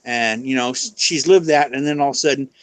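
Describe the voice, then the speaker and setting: A man's voice: mid-range voice, a little fast, dry recording, poor audio. A man chatting as a guest on a live stream, telling a long rambling story and acting out the quotes. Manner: rambling anecdote full of "you know", acting out quotes. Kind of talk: casual storytelling chat.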